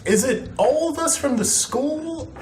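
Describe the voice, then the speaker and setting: A man's voice: extremely high pitch, lively intonation, unhurried, heavy background noise. A man playing a tabletop game, laid-back and joking, with a roomy echo. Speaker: player. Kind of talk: tabletop role-play. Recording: distant, roomy echo, loud music behind.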